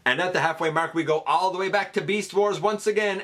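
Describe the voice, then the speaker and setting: A man's voice: high-pitched, brisk, fairly bright tone. A man hosting a countdown video, talking casually and enthusiastically to camera with fillers and restarts. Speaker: host counting down a top ten list. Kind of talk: casual fan commentary to camera.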